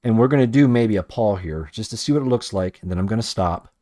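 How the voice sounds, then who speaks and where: With a lowish, mellow voice, a man talks fast and with lively intonation as he paints a toy amid the clutter of his workroom. He customizes toys, and he rambles, cursing a lot and grumbling self-critically about what he's made.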